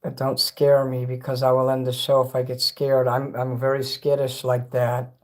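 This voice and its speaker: A man's voice: medium pitch, completely flat delivery, moderate pace. A man chatting loosely with his viewers on a livestream, rambling and swearing. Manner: rambling and profane, talks straight to chat. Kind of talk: casual livestream chat with viewers. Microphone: phone.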